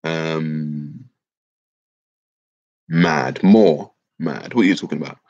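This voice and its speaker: A man's voice: a bass voice, slow pace. A man, bunged up with a cold, hosting a casual livestream and reading out viewer comments. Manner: reads viewer comments aloud, lively and chatty. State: congested, bunged up. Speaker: livestream host. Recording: dull lo-fi stream audio.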